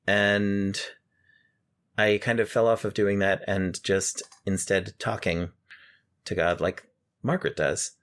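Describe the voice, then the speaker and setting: A man's voice: fairly low pitch, takes it slowly. A man from New York City co-hosting a podcast, casually retelling a film and acting out the characters' lines. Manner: animated retelling with acted-out quotes. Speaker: podcast co-host. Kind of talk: casual film review chat. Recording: home podcast recording in Queens.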